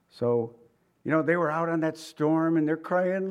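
Higher-pitched middle-aged male preacher. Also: animated, normal speed, a little mellow. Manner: conversational preaching with rhetorical questions. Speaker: pastor. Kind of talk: sermon.

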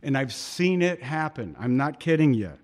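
A man's voice: medium pitch, lively intonation, moderate pace, a little mellow. A man preaching a sermon in a conversational, emphatic way, rising to pleading. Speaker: pastor.

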